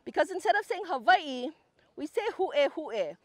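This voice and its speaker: A woman's voice: high voice, very animated, moderate pace, no echo. A woman teaching a group outdoors, explaining patiently and leading chanted verses. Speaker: cultural teacher.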